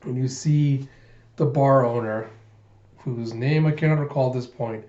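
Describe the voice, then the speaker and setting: A man casually reading through a comic aloud, narrating each page in a relaxed way. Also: mid-range voice, measured pace. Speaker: manga reader. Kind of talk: casual manga readthrough. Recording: roomy, muffled home recording.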